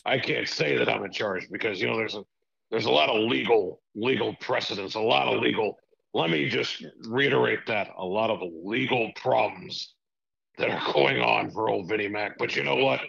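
A man puts on a gruff old wrestling promoter who brags and rambles with drawn-out filler sounds. The voice is low, gravelly and husky, and the recording sounds dull and lo-fi. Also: fairly bright tone, full character voice. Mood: boastful. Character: impression of a gruff older male wrestling boss, boastful and sleazy.

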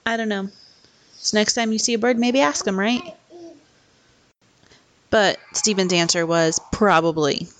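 A young woman vlogging from home into her laptop microphone. She rambles in a casual, chatty way, dropping "like" into nearly every sentence. Her pitch sits in the middle for a woman. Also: a little slow, long pauses, slight background noise. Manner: rambling, chatty, frequent "like" fillers. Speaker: mom vlogger. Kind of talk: casual chat.

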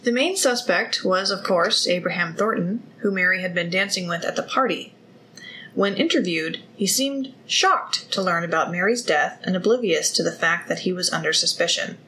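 A woman's voice: lowish voice, moderate pace, bright, forceful tone, a little hiss or hum, low-quality recording. A woman hosting a podcast, telling a true-crime case in a chatty way and breaking off for jokes. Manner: chatty, reads case notes then riffs with jokes. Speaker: podcast host. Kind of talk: casual true-crime storytelling.

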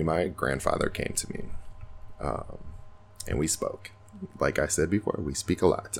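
Deep gravelly man musing earnestly. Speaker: podcast host. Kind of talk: casual spiritual monologue.

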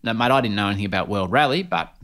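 A man in his forties with an Australian accent, a sports broadcaster chatting as a guest and telling lively anecdotes, often calling his listener mate. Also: on the low side, racing. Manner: animated, laughing anecdotes, keeps saying mate. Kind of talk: casual storytelling chat.

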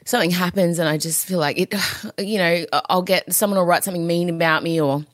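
A woman's voice: on the low side, brisk, dry recording, studio quality. A tired woman hosting her own podcast, talking frankly and rambling a little, laughing often and getting emotional. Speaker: podcast host. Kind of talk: candid solo podcast chat.

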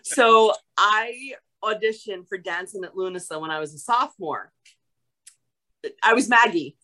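A woman from New York, an actress, chatting as a guest and telling stories in a lively way. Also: medium pitch, unhurried, rough recording. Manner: chatty, animated storyteller. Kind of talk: casual chat.

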